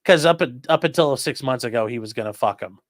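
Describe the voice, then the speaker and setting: A man hosting a livestream, reading out viewer questions and answering them in a rambling, offhand way that often trails off quietly. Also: medium pitch, fast, dry recording, studio quality. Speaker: livestream host reading chat. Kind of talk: casual live chat.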